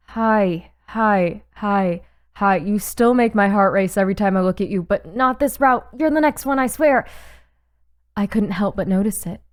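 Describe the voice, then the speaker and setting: Woman reading a visual novel aloud, excitable. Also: medium pitch, moderate pace. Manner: reads story text aloud, breaks into excited squeals and swearing. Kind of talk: casual playthrough narration with reactions.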